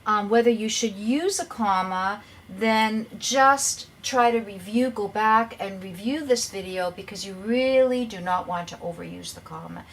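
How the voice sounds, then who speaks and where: A woman teaching an English grammar lesson, who speaks slowly and carefully, reads examples aloud and names each punctuation mark. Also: medium pitch. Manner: explains step by step with examples.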